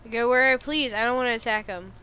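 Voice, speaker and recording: A woman's voice: a little high, quick pace, sharp tone, clear, resonant tone. A woman streamer giving casual, joking gameplay commentary and laughing often. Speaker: game streamer.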